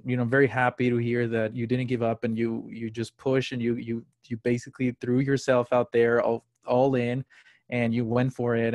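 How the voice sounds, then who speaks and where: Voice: medium pitch, a little mellow, no echo, studio quality. A podcast host interviewing a guest, encouraging and often repeating words and saying you know.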